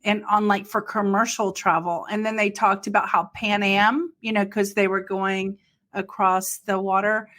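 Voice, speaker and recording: A woman's voice: medium pitch, level tone, normal speed, fairly bright tone. A middle-aged woman hosting a podcast, chatting enthusiastically and exclaiming often. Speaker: podcast host. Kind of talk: casual interview chat.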